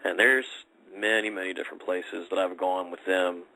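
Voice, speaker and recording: A man with a very low voice tells a story casually on a podcast. He rambles and restarts, with plenty of "uh" and "you know" between his thoughts. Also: fairly even intonation, moderate pace, pushed and bright, slight background noise, poor audio. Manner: rambling, conversational, many fillers.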